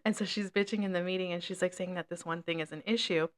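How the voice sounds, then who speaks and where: A young woman co-hosting a casual chat, telling a work story in a lively way and swearing often. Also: on the low side, fast, a little hiss or hum. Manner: animated storytelling with frequent swearing. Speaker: podcast co-host.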